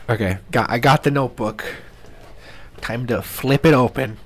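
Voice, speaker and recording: A young man on a podcast, chatting casually and ranting about a classmate, laughing often and mocking people with put-on voices. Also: mid-range voice. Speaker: podcast co-host. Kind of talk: casual chat.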